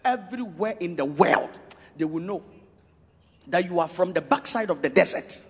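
A man preaching a sermon, emphatic and repetitive, shouting out scripture and lists of points. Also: a little high, expressive, normal speed, breathy edge. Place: church. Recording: long reverb of a church hall.

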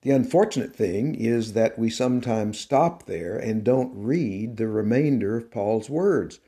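A man giving a devotional teaching talk on his podcast, slow and deliberate, with an emphatic preaching cadence. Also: lowish voice, lively intonation, warm tone. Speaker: podcast host and Christian teacher.

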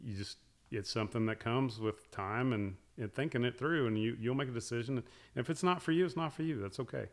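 A middle-aged man in casual conversation, telling a long story with many restarts and soft, trailing asides. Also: mid-range voice, brisk. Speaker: guest talking about hunting with his daughters.

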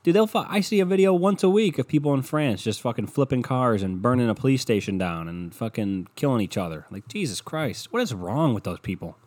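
Speaking at a medium pitch with a darkish tone, a young solo podcast host talks a little fast with lively intonation and hardly any pauses. Through a podcast microphone, he delivers a rambling, sarcastic, heavily profane rant.

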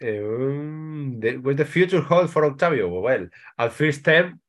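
A man from Spain with a Spanish accent, an author guest in a casual interview, speaking English haltingly with many restarts and repeated words. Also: medium pitch, expressive.

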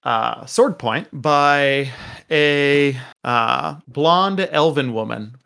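A man narrating a tabletop game as game master, with many pauses and fillers. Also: mid-range voice, vocal fry, pushed and bright, smooth.

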